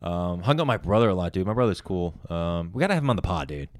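A man's voice: low voice, sing-song, fast, dry recording. A young man co-hosting a casual podcast, rambling and swearing a lot in loose, joking banter. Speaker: podcast co-host.

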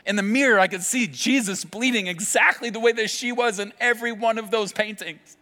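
A male pastor preaching a sermon, telling a vivid story with dramatic pauses. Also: high-pitched, pushed and bright. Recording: long hall reverb with faint music. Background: faint music.

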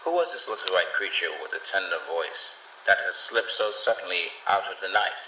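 Male storybook narrator, very bright sharp tone, echoey room. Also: sits low, normal speed, slight background noise. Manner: calm, even storytelling. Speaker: storybook reader. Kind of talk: scripted narration. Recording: roomy, distant, dull sound.

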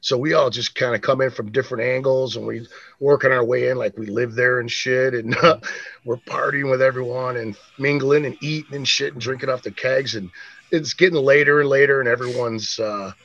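A man with a gravelly, husky voice tells an old party story in loose, casual chat. He swears and laughs easily. The sound is a bit dull and lo-fi. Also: medium pitch, steady tone, a little fast, a bit bright, no room sound. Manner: laid-back, swears and laughs often. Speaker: podcast co-host.

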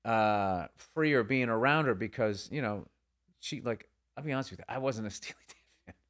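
A man's voice: mid-range voice, normal speed, fairly bright tone. A man talking as a guest comedian in a casual interview, rambling and swearing often as he acts out voices from his stories.

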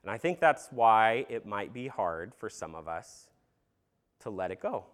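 A man's voice: lowish voice, big pitch swings, unhurried. A man preaching an earnest sermon in a conversational way, with casual fillers and some humor. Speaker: pastor.

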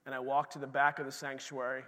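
In a church sanctuary, a man preaches in a monotone, medium-pitched voice at a quick pace, bright and forceful in tone. He tells stories conversationally with asides to the congregation, and the long reverb of the church hall fills the recording.

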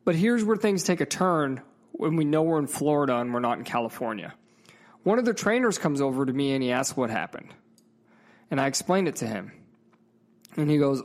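A man's voice: mid-range voice, animated, fairly quick, long pauses. A man in a casual, profane storytelling rant, emphatic and heated, with frequent asides to the viewer. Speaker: vlogger.

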